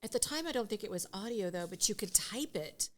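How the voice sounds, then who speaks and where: A middle-aged woman, a guest on a podcast, telling a story in lively, casual chat with frequent laughter and acted-out dialogue. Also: mid-range voice, a little fast. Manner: animated storyteller who laughs often and acts out dialogue. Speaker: guest, divorce mediation attorney.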